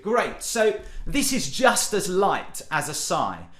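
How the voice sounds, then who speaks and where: A man leading an online singing warm-up, encouraging and cheerful, often breaking into loud demonstration sounds. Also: high voice, huge pitch swings, slow pace, roomy sound. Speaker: singing workshop leader. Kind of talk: online vocal warm-up session.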